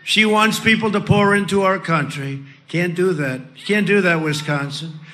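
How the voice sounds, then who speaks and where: Male rally speaker: tense, forceful, fairly high voice; boastful ad-libs, shouted punchlines. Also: moderate pace. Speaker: rally speaker introducing candidates. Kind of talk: political rally speech.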